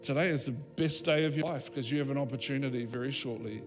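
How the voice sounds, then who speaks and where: A man preaching a sermon as pastor, emphatic, with dramatic pauses and voiced quotes. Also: medium pitch, long reverb tail, soft background music.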